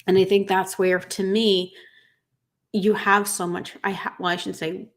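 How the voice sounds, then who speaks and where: Tearful after crying, a woman in her thirties hosts an emotional livestream, reading viewer comments in an earnest, halting way full of fillers. Her voice is medium in pitch and her delivery is flat.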